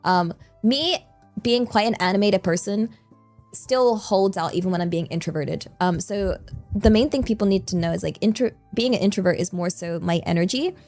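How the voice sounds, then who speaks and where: A woman's voice: medium pitch, normal speed, darkish tone. A woman streamer chatting casually and animatedly with her viewers, giggly and self-mocking, over faint music.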